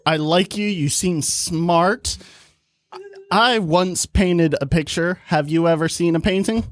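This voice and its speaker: A man's voice: fairly high pitch, takes it slowly, no echo. A man improvising an awkward speed-dater with hesitant questions. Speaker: comedian playing dater. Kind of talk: improv comedy.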